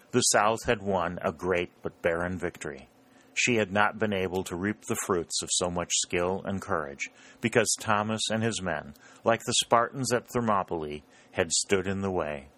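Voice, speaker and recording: A man with a very low voice reads a historical narration aloud. His delivery is measured and solemn, giving each line steady weight. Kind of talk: scripted narration.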